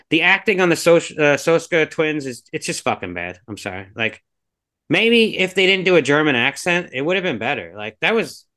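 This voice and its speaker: A man's voice: medium pitch, bright, forceful tone. Rambling man talking through a film. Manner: rambling, hedging, heavy on fillers like "like" and "you know". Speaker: podcast co-host reviewing a film. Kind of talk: casual chat.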